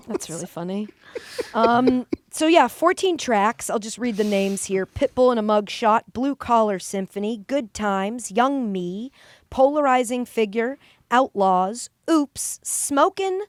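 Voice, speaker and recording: A woman hosting a podcast, talking in a blunt, joking way with a casual swear here and there. Her voice sits fairly high, and the recording is dry and close. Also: animated, measured pace, no echo. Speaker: podcast host.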